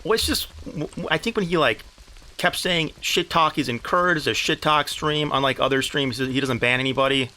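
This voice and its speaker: An American man streams a game live, his voice on the high side with a sharp tone and a moderate pace. He rambles in casual talk packed with restarts and "right?" asides, and there's an exasperated edge to it.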